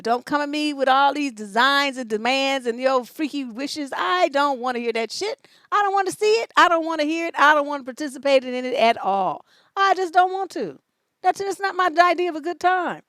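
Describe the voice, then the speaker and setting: Woman, relationship coach, high voice, blunt, profane, joking, casual livestream advice, dry close sound. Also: animated, normal speed, a bit bright, no room sound. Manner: blunt and profane, joking, reads questions aloud. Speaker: relationship coach answering viewer questions.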